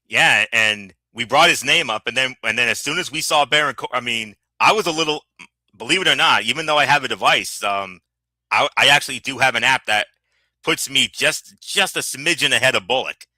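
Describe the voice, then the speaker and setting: A man co-hosting a casual wrestling recap chat, animated and full of stammered restarts. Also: medium pitch, brisk, dry recording. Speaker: podcast co-host.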